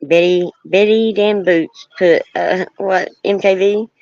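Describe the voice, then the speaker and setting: A livestream host in casual talk, speaking earnestly and firmly about setting boundaries, halting often with ums and restarts. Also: medium pitch, fairly even intonation, darkish tone, no echo. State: nervous. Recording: dull lo-fi stream audio.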